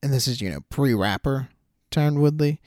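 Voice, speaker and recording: Young male podcast host, animated, cursing, mid pitch, dead dry mic. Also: a little fast, no room sound. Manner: animated, incredulous, swears freely. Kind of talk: casual combat sports chat.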